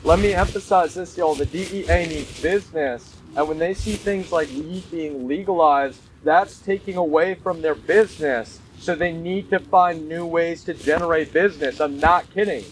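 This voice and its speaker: A man's voice: fairly high pitch, normal speed, few pauses. A man giving a casual commentary, emphatic and repetitive, ranting conspiratorially and calling his viewers y'all. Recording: noisy background.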